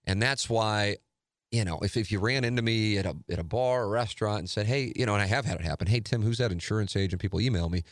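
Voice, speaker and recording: Middle-aged man, very low voice, calm and measured, casual podcast talk, dry close mic. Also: no room sound. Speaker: podcast host. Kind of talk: casual solo talk and live read.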